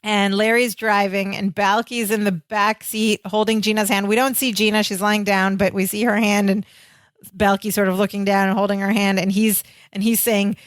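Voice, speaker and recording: Steady storytelling woman podcaster. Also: mid-range voice, moderate pace, no echo, studio quality. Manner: steady storyteller, narrates scenes. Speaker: podcast co-host. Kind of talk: casual chat recapping a sitcom.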